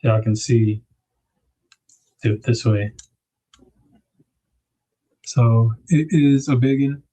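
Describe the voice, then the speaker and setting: A man's voice: mid-range voice, takes it slowly, mellow, slightly rough, low-quality recording. A man hosting a knife livestream, chatting casually and rambling as he unboxes gear. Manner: laid-back, rambling, thinks aloud with fillers.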